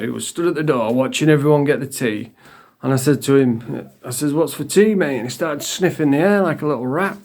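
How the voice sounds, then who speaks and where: Blunt man telling jail stories. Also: a little high. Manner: blunt, sweary, dry humour. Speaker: former prisoner telling stories. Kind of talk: casual storytelling to camera.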